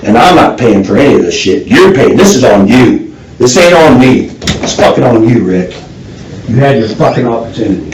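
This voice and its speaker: A male investigator in a confrontational interrogation, swearing and accusing, sometimes breaking into shouts. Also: mid-range voice, very animated, normal speed. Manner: profane, accusing, bursts into shouting. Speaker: police investigator. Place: interrogation room. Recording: echoey room, mic far off, faint hiss.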